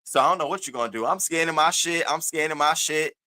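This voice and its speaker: Bright, high-pitched man ranting profanely. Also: quick pace. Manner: profane, animated storytelling; acts out the other voices in his stories. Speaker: host of an online news show. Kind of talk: casual livestream rant.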